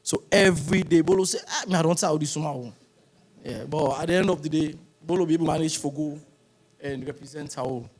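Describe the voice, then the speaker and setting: Sierra Leonean man, somewhat high-pitched, halting and rambling funeral tribute, drifts between Krio and English. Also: darkish tone. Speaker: funeral speaker.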